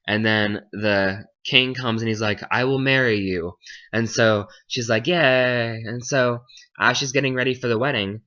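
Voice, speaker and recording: A young man with a fairly low, sharp-toned voice retells a fairy tale in slang, keeping it flippant and jokey and briefly acting out the characters as the storyteller. It sounds like a dull, lo-fi home recording.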